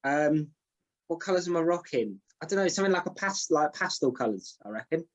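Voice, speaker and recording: A young comedian guest rambles over a video call in a casual interview, running himself down and saying "you know what I mean" a lot. His voice is fairly high with lively intonation and a brisk pace, and the sound is lo-fi.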